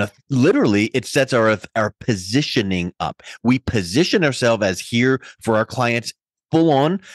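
A man's voice: medium pitch, no echo, studio quality. A middle-aged man hosting a podcast interview, talking in a folksy way with everyday analogies. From Colorado. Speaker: podcast host. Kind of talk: conversational interview.

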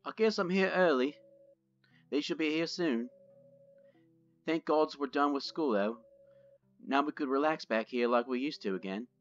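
Laid-back young British guy, hero type, high and bright, as a gamer reads him out; lo-fi sound with game music. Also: normal speed, long pauses, natural voice. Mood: relieved. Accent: put-on British. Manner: amateur accent, higher-pitched reading.

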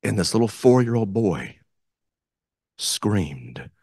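A man tells a story to a club meeting. His voice sits low, and he jumps up and down in pitch as he acts out the quotes. The sound is close and dry. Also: very animated, slow pace, darkish tone, husky, dry recording. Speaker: club guest speaker, theater director. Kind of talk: storytelling speech. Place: meeting room.

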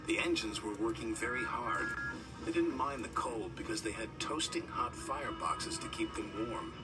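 Calm male storybook narrator, far off. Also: mid-range voice, normal speed. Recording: distant voice under loud music.

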